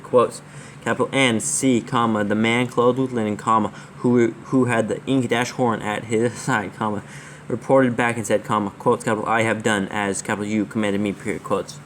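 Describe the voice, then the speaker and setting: A man proofreading scripture aloud, calling out capitals, commas and quotes as he reads, slowly and carefully. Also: lowish voice, fairly bright tone, a little hiss or hum. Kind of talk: dictating text with punctuation.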